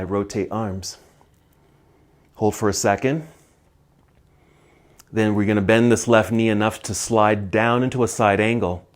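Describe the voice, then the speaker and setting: A middle-aged man teaching a yoga class, calmly cueing poses and breaths, slightly out of breath. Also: on the low side. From United States. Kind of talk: guided yoga class instruction.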